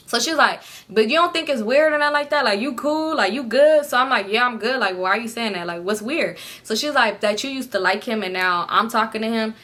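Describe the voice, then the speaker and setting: A woman's voice: on the high side, fast. A young woman, casually telling a storytime to her viewers and acting out her friends' lines. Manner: animated, acts out friends' lines with profanity. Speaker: storytime vlogger.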